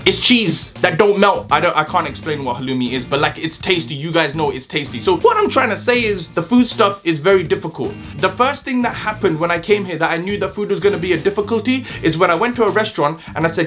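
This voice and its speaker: A man from the UK with a London-leaning British accent, talking to camera in a joking, animated vlog. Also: high-pitched, fast talker, hardly any pauses, faint music behind. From United Kingdom. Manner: animated, joking, talks straight to viewers. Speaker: vlogger. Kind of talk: casual vlog monologue.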